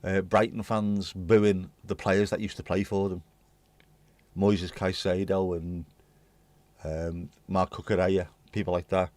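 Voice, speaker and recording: A man's voice: deep voice, level tone, measured pace, darkish tone, no room sound. A man hosting a livestream, chatting to viewers in a rambling, jokey way and swearing casually. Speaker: livestream host.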